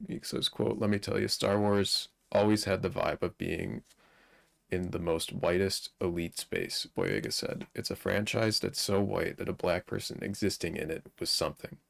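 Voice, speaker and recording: A man with a very deep voice and a gravelly fry, talking casually on a live stream. He reads headlines aloud and drops profane asides between them. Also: animated, normal speed. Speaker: streamer co-host.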